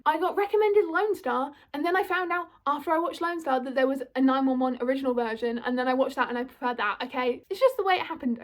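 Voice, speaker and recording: Young British woman, high voice, chatty video essay, lots of "like" and quick apologies. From United Kingdom. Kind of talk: casual fandom video essay.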